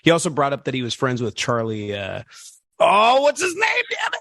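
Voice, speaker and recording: Excitable, lively-voiced man from Minnesota. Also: mid-range voice, normal speed, no echo, clean studio sound. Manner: excitable, jokey. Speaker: guest. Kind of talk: casual chat.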